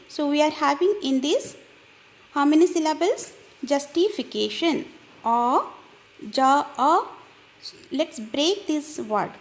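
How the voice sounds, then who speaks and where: Slow, high-voiced woman teaching grammar. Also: creaky. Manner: spells words out letter by letter, explaining step by step. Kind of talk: grammar lesson for children.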